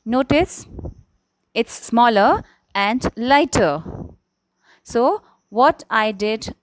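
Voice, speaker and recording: Young woman teacher, slow careful delivery, slightly high voice, keeps checking "okay?". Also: expressive, no room sound, rough recording. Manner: patient, repeats key words, frequent "okay?" checks. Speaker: English teacher. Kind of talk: slow, simple classroom explanation.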